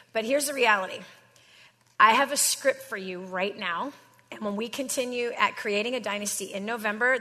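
A woman giving an animated motivational seminar talk to a live audience, with rhetorical questions and frequent laughter. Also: on the high side. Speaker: seminar speaker. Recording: reverberant hall sound.

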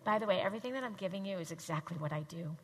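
A woman teaching a live audience in a faith-based talk, emphatic and animated, often having the crowd repeat lines after her. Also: mid-range voice, very fast. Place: large hall with audience. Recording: long hall reverb.

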